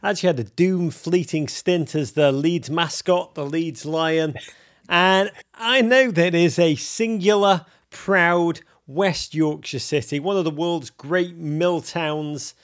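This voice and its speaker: A man's voice: a little high, slow. A man hosting a podcast interview in a jokey, theatrical way. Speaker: podcast host. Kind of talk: playful interview.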